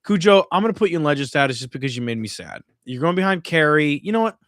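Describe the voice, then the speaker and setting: Man, swearing streamer, tipsy, lively swooping voice, slightly high, dry sound. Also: quick pace, no echo. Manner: profane, animated ranting. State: tipsy from drinking. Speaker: streamer host. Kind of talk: casual live-stream commentary.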